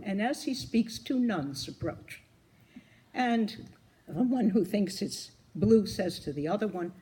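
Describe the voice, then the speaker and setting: A man telling jokes at a memorial gathering, in a lively storytelling manner with acted-out quotes. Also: high-pitched, moderate pace, low-quality recording. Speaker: memorial speaker.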